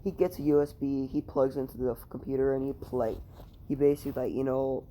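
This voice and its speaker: A man's voice: mid-range voice, fairly even intonation, a little fast, mellow. Guy rambling through a fan story he's making up, lots of you know and like, cusses a bunch, bit of hiss. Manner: rambling, full of "you know" and "like", swears freely. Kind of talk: casual improvised fan-fiction storytelling.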